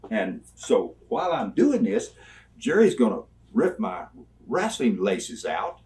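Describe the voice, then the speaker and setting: An older man speaks slowly in a fairly low voice as an interview guest, telling rambling, animated stories and acting out the people in them. He sounds somewhat distant from the mic.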